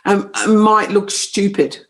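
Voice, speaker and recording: Speaking a little slowly in a mid-range voice, a woman psychic medium is interviewed as a guest. Her manner is blunt and firm, and she explains steadily using plain, everyday language.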